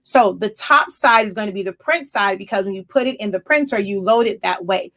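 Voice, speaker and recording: A middle-aged woman who owns a small printing business chats casually while she works through a live craft demo. She thinks out loud and corrects herself mid-sentence. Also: medium pitch, fairly quick. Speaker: small business owner demonstrating sublimation printing.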